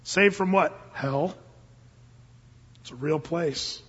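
A man's voice: fairly high pitch, takes it slowly, a bit bright, slightly rough. An older man, a pastor, preaching a sermon in a casual, earnest way that rises suddenly into emphatic bursts. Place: church service. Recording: dull, long-reverb church recording.

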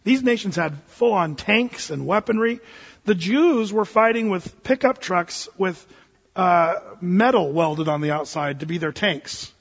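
A man's voice: high voice, a little slow, slightly rough. A man preaching a sermon, telling stories animatedly and acting out the people in them. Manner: animated storytelling, acts out quoted voices. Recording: dull lo-fi sound in a reverberant hall.

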